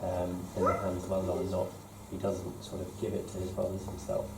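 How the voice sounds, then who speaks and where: A man in a study circle offering his view tentatively, pausing with fillers as he reasons aloud, recorded far off in an echoey room with background noise. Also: low-pitched, completely flat delivery, darkish tone. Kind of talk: discussion remarks.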